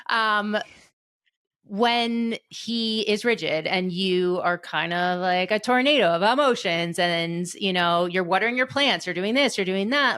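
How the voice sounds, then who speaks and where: A woman's voice: mid-range voice, a bit bright, clear, resonant tone, dry recording, studio quality. A woman hosting a podcast, asking loose, searching questions with fillers. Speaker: podcast host. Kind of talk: casual interview questions.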